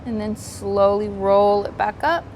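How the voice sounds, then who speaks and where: A woman teaching a guided yoga class outdoors by the ocean, giving gentle, soothing, unhurried cues and slipping into Spanish now and then. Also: medium pitch, fairly even intonation, slight background noise. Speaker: yoga instructor.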